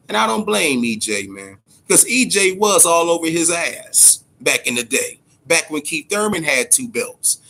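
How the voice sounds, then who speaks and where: A man's voice: fairly high pitch, big pitch swings, a little slow, gravelly, few pauses, bright, forceful tone. Heated, profane male boxing talker. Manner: heated, profane, repeats words when worked up. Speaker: boxing talk host. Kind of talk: profane casual boxing commentary.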